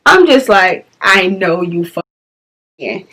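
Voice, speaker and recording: A woman's voice: fairly low pitch, big pitch swings, takes it slowly, fairly bright tone. A young woman, telling a storytime vlog in a blunt, exasperated way and acting out the dialogue. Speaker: vlogger.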